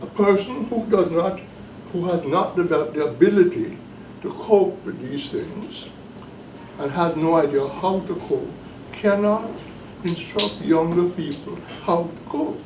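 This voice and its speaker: A male professor lecturing with deliberate emphasis, circling back to repeat his key points. His fairly high voice is picked up from across the room, so it sounds roomy and echoey. A faint hum of background noise sits under him. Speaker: professor leading a course. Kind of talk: classroom lecture. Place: bookstore cafe classroom. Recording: echoey room, mic at a distance.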